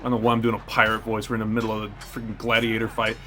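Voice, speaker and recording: A man's voice: on the low side, steady tone, quick pace, hardly any pauses, bright, forceful tone, faint music behind. A young man hosting a let's play, joking and trash-talking over the gameplay. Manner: jokey, trash-talking, puts on silly voices.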